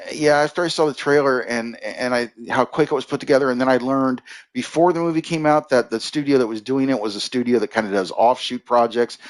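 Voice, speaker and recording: Guy rambling thru a movie review on a stream, lots of ums, chats with viewers. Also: fairly low pitch. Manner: rambling, many fillers and restarts, answers chat viewers.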